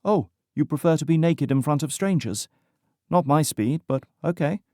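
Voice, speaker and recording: A man's voice: a little high, lively intonation, normal speed, dry recording, clean studio sound, voice pushed up. A man putting on a sassy young British woman. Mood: teasing. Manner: teasing, bold, loud. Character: sassy, fiercely independent young woman rescuer.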